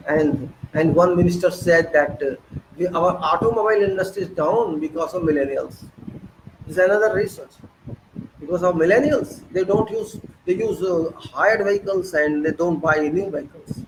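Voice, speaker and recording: A political commentator with an Indian English accent delivers an impassioned monologue in a fairly high voice at a moderate pace. It's packed with indignant rhetorical questions and sarcastic jabs, over a faint hiss of noise.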